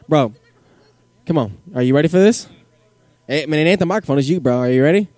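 A man giving a joking, energetic youth group sermon in casual slang, as a youth pastor. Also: a little high, fast, dry recording.

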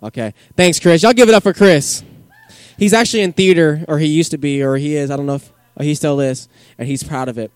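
A man giving a joking, energetic youth group sermon in casual slang, as a youth pastor. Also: on the high side, fairly quick, clear, resonant tone, no echo.

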